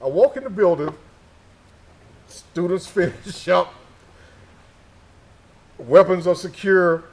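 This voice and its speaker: A middle-aged former army instructor with a fairly high voice spins yarns in a gun shop. He slips into other people's voices for the quotes and leans on repetition for comic effect. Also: slow. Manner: acts out quoted dialogue, repeats himself for effect. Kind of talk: casual chat, storytelling.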